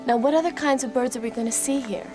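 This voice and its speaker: A woman hosting a children's nature show, eager and curious as she asks questions. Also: high voice. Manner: bright, eager and curious, quick to laugh. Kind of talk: upbeat kids' TV presenting. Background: background music.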